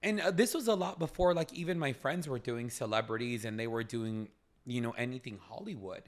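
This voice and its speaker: A man from Los Angeles, a former chef, telling a casual story as a podcast guest, loose and animated with lots of filler words. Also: mid-range voice, fairly quick.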